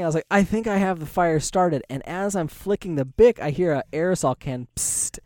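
A man's voice: sits high, animated, fairly quick, darkish tone, no echo. A man co-hosting a podcast, telling a story in casual chat, laughing often and swearing freely. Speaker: podcast co-host.

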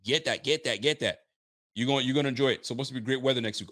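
Rapid-fire and fairly bright, his mid-range voice carries a relaxed, excited livestream chat. He's a sports fan streamer from Nova Scotia, Canada, who keeps repeating himself while addressing viewers.

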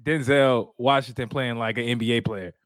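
A man's voice: medium pitch, normal speed, dry recording, studio quality. A man co-hosting a podcast in casual, joking chat, often restarting his words. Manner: animated, joking, stammering restarts. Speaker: podcast co-host.

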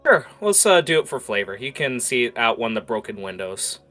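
A man narrating a tabletop role-playing game as game master, with lively scene-setting and frequent fillers. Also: medium pitch, a little fast, faint music behind.

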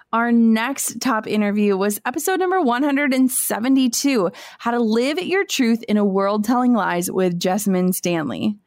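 A woman's voice: medium pitch, no room sound. Female podcast host, recap narration, dry studio sound. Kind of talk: recap narration and show intro.

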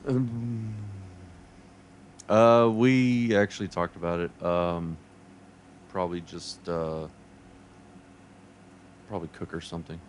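A man's voice: low voice, flat delivery, slow pace, long pauses, a little hiss or hum. A man in casual chat, laid-back and mumbling in short replies.

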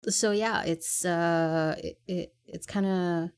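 A woman's voice: on the low side, steady tone, takes it slowly, smooth. Hesitant woman from Quebec. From Quebec, Canada. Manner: hesitant, searching for words, self-deprecating. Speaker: podcast co-host. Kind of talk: casual chat.

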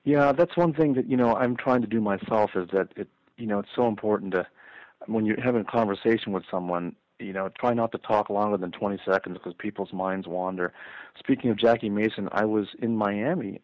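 Fast-talking man on a dull call-in line. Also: on the low side, no echo. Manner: fast-talking, eager storyteller. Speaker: comedian calling in as guest. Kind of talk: casual chat.

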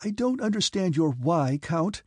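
Gentle young noblewoman, read by a man, raised high and pleading, husky and gravelly. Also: animated, unhurried, no room sound, studio quality, full character voice. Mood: pleading, tearful. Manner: trembling, pleading.

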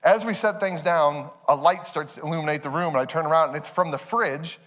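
Animated high-voiced pastor. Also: male voice, brisk, big-room sound. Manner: animated, acts out his kids in high voices, laughs often. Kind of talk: storytelling sermon. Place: church stage.

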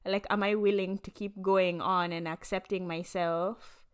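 A woman's voice: mid-range voice, flat delivery, a little slow, smooth. A woman co-hosting a podcast, chatty and casual, filling her talk with "like" and "you know what I mean". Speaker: podcast co-host. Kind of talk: casual chat.

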